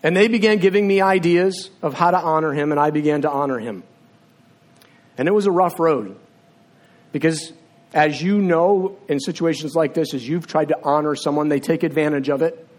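A man preaching a sermon in a church, telling a personal story from his teaching years in a conversational way and then praying quietly over the congregation. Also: normal speed. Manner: conversational storyteller, drops to a low hushed voice in prayer. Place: church sanctuary with seats. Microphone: filmed on camera while preaching.

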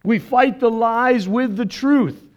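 A man's voice: extremely high pitch, slow pace. A man preaching a sermon as pastor, earnest and emotional, telling stories and quoting others. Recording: dull lo-fi sermon recording.

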